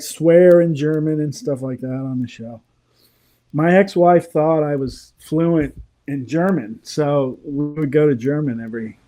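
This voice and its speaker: A man's voice: fairly high pitch, warm tone. A middle-aged man, a voice actor and comedy writer, telling stories in a rambling way and chuckling often in a casual chat.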